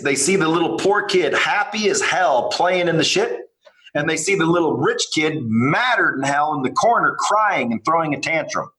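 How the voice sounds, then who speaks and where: A man guest on a podcast, talking bluntly and with a lot of swearing as he tells animated stories. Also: fairly high pitch, echoey room, low-quality recording. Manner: blunt, profane, animated storytelling. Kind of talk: casual podcast interview.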